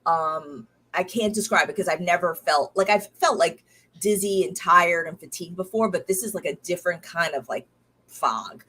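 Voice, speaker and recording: Tired woman in her 30s rambling on, lots of ums and restarts, kinda low voice. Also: normal speed, fairly bright tone, breathy edge. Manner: rambling, many fillers and restarts. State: recovering from illness, tired. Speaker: podcast host. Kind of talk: casual diary-style chat.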